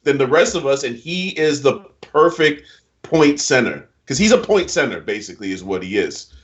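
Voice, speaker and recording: A man's voice: sing-song, normal speed. A man co-hosting casual basketball chat, giving emphatic, slangy opinions. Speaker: NBA picks co-host. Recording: muffled low-fidelity audio.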